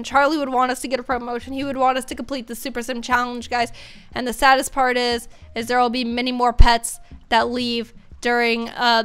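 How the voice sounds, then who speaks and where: A woman's voice: a little high, fairly bright tone, clear, resonant tone. A woman hosting a gaming channel, chatting to viewers in let's-play commentary.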